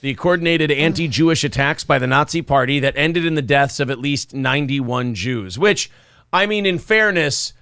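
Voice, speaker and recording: A man's voice: a little high, normal speed, sharp tone, clear, resonant tone, dry recording, clean studio sound. A male morning show host in casual comedic radio talk, irreverent and joking with stammered restarts. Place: studio.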